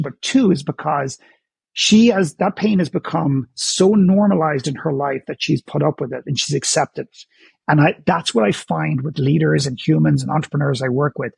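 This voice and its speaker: A man's voice: a little high, creaky, darkish tone, slightly rough, no echo. A man who is a guest on an interview show, talking candidly in a blunt, emphatic way and often stammering as he restarts his sentences. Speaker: guest, author and speaker.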